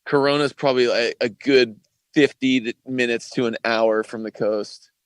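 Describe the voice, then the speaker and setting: A man hosting a casual group call, joking in a laid-back, drawn-out way. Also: medium pitch, fairly even intonation, dry recording.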